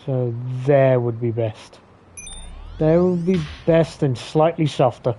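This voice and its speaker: A man commentating his own video game play on a live stream, swearing often and getting excitable. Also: mid-range voice, slow pace, slight background noise. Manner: sweary, excitable, talks to himself while playing.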